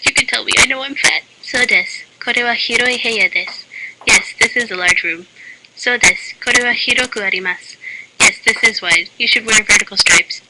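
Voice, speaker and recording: A woman delivers a parody language lesson with a flat, deadpan read and dry asides. A loud, steady hiss runs under her voice the whole time. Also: on the high side, brisk. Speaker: lesson narrator. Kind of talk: mock language lesson reading with joke asides. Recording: loud constant background hiss.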